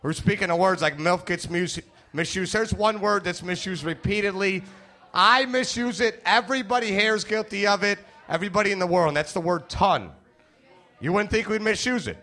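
A man's voice: high voice, normal speed, sharp tone. A man doing a crude, brash stand-up comedy routine, joking with members of the crowd.

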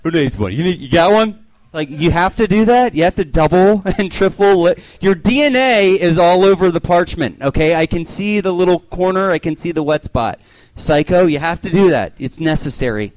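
This comic has a high, slightly mellow voice and a moderate pace, with no echo in the sound. Performing a stand-up set in a club, he vents in exasperated rants, slipping into acted-out voices of those he ridicules.

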